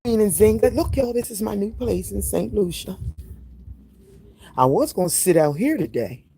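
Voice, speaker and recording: A man's voice: high-pitched, animated, moderate pace, creaky, warm tone. A man hosting a casual live stream, greeting viewers by name and laughing often while he walks from his home out into the yard on a phone. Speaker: livestream host. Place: home, indoors then outside in the yard. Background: faint rain.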